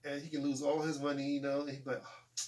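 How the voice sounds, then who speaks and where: A man in his forties chats as the host of a casual talk show. His voice sits a little high for a man, and he sounds set back from the microphone. He tells his stories with energy, laughs, and acts out quotes in different voices. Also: very fast, recorded from a distance. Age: 40s. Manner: animated, laughing storyteller acting out quotes. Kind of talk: casual chat.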